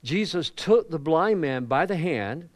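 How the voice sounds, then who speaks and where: A middle-aged male pastor preaching a sermon, telling personal stories and acting out quoted lines with a voice that climbs higher and louder. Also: a little slow. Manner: animated preaching, acts out quotes with rising pitch and volume; conversational, personal storytelling.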